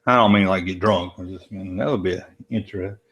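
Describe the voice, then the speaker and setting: Late at night in a room at home, a man talks casually over a movie on his stream and reads chat aloud. He's laid-back and rambling, tossing in jokey asides. His voice sits low, moves fast, and has a fairly bright tone.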